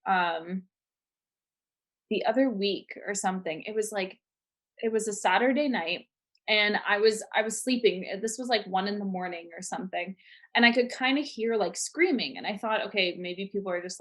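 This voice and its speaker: A young woman co-hosting a podcast, telling stories in a rambling, animated way with many "like"s. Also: medium pitch, moderate pace. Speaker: podcast co-host. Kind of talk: casual storytelling chat.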